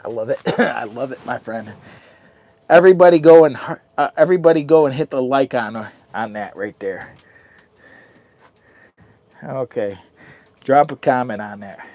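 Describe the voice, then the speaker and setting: This livestream host talks to his chat from a hot tent during a windy, rainy camping trip, sounding hyper and poking fun at himself. He speaks a little slowly with long pauses, in an expressive, darkish medium-pitched voice.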